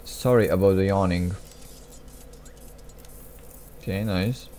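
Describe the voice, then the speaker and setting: A man's voice: low voice, takes it slowly, mellow, a little hiss or hum. A young man giving casual gameplay commentary, mumbling, restarting his sentences and putting himself down. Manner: mumbly, self-deprecating, frequent restarts and asides. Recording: faint game music behind.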